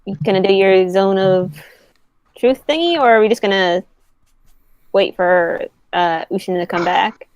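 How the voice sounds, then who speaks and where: A woman playing a tabletop game, making quick, upbeat suggestions. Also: mid-range voice, smooth, no room sound. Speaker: player. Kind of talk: casual tabletop play.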